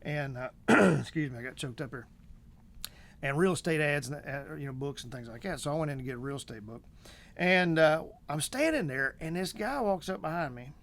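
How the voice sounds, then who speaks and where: A man's voice: on the high side, animated, fairly quick, creaky, a bit bright. A middle-aged man hosting a vlog, telling a story in a rambling, folksy way with many fillers. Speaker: vlog host. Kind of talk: casual storytelling.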